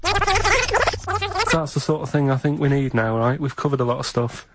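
A man who is a regular on a comedy radio show, talking in a blunt, deadpan way. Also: a little high, measured pace, no echo.

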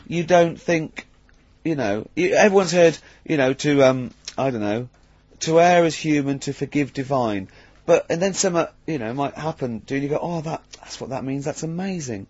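A man's voice: fairly high pitch, expressive, moderate pace, few pauses, a little mellow, husky, no echo, muffled recording. A man co-hosting a radio show, rambling through stories in a casual, self-amused way. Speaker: radio co-host.

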